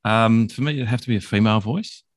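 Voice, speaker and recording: Man, low voice, co-host, casual chat, relaxed, dry close sound. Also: fast, dry recording.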